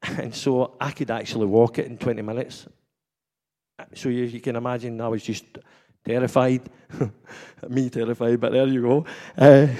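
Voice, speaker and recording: A man's voice: mid-range voice, warm tone. A Scottish man giving a personal testimony in church, telling his story in a chatty way and laughing often. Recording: long hall reverb.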